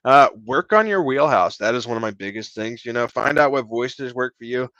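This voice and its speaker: A man's voice: medium pitch, lively intonation, a little fast, fairly bright tone, no room sound, lo-fi sound. A man being interviewed about his voice acting work, talking in a joking, laid-back way and saying "you know" often. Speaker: guest voice actor. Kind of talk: casual interview chat.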